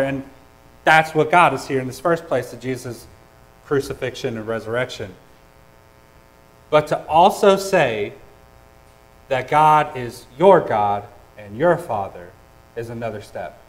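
A man preaching a sermon, earnest and personal, with hesitant restarts and swings between loud and soft. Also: medium pitch, expressive, a little slow, long pauses, poor audio. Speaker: pastor.

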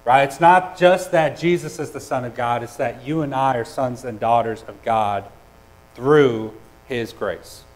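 A man preaching a sermon, earnest and personal, with hesitant restarts and swings between loud and soft. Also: medium pitch, a little slow, poor audio. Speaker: pastor.

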